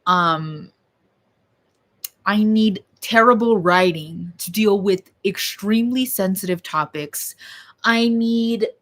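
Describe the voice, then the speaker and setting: A young woman rambles to her viewers from home in a loose, off-the-cuff chat. She speaks at an ordinary middle pitch, with blunt opinions and casual swearing. Her tone stays unpolished and conversational. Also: fairly bright tone. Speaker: vlogger.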